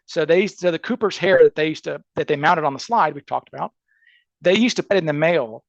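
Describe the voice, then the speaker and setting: A man, a criminal defense attorney, telling a story casually as a podcast guest, animated and restarting often. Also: a little high, a little fast, creaky, no room sound, lo-fi sound. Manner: animated, acts out quoted voices, frequent restarts.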